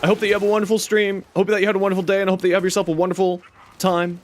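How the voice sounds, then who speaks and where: A man's voice: high-pitched, completely flat delivery, very fast. A man streaming a video game live, chatting casually and playfully with his viewers. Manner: playful, joking, chatty with chat.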